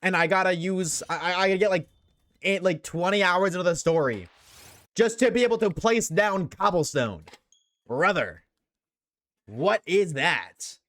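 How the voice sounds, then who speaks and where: A young man streaming a game and chatting casually with his audience, slangy and joking, talking in quick bursts. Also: sits high, expressive, fairly bright tone, dry recording.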